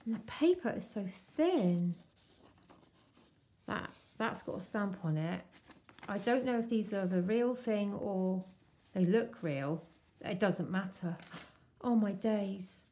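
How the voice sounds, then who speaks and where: A woman chatting casually and excitedly as she unwraps a craft swap parcel. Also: medium pitch. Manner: gushing, excitable, slow-paced. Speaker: crafting vlogger. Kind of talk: casual unboxing chat.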